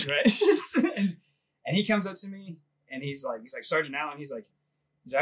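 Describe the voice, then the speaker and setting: A man's voice: a little high, animated, a little fast, fairly bright tone, breathy edge. A man in his thirties on a comedy podcast, telling a crude story in a rambling way, laughing often and leaning on filler words. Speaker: podcast co-host.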